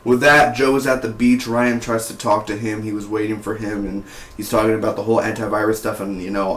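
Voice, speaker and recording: A man's voice: on the low side, steady tone, brisk, a bit bright, roomy sound. A man giving a casual spoken review of a TV series, rambling and full of "like" and "you know".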